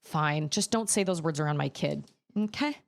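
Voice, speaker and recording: Woman, 30s, streamer, low-ish voice, rambling exasperated storyteller. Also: moderate pace, gravelly. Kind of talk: casual chat while gaming.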